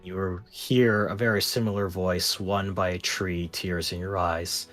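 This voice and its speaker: Slow, low-voiced man as game master. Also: little pitch movement, faint music behind. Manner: slow, low and hushed when narrating, livelier in banter. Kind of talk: narrating a tabletop game.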